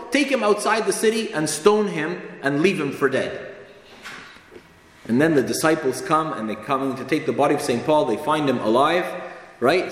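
A man preaching a sermon in an earnest, emphatic way, repeating phrases for stress. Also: a little high. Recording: echoey hall with long reverb, faint ambience.

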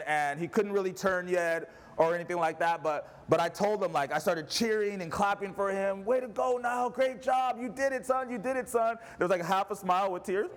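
Animated high-voiced male preacher. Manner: animated, conversational, asks the audience "right?". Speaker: pastor. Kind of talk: sermon with personal storytelling.

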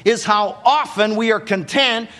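Older guy preaching, high voice, dramatic, big echoey hall. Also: a little slow, bright, forceful tone. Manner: dramatic, acts out quotes in the scripture story. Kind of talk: sermon.

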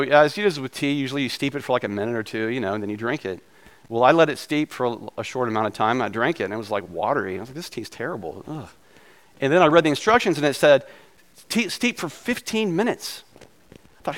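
A man preaching a sermon in a relaxed, conversational way, mixing scripture with offhand personal asides. His voice sits at an ordinary middle pitch and carries a slight hoarseness left over from being ill. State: slightly hoarse from recent illness. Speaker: pastor.

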